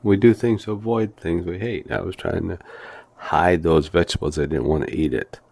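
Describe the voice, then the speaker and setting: Slow, folksy, deep-voiced man teaching. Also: vocal fry, darkish tone, breathy edge, no echo. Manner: slow, deliberate, folksy storytelling with humor. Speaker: Bible study teacher. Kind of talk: devotional teaching with personal anecdotes.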